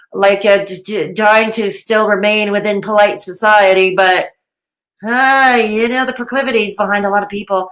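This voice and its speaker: A woman's voice: medium pitch, a bit bright. Woman host, live-stream chat reader, wry and talkative, mid-range voice. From Canada. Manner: sarcastic, chatty, laughs often. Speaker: commentary livestream host.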